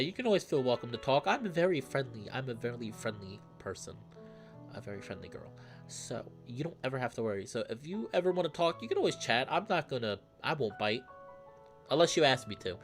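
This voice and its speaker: A man's voice: medium pitch, lively intonation, fast talker. A man casually commenting and joking with his chat while playing a story game. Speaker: streamer playing a visual novel. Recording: faint music underneath.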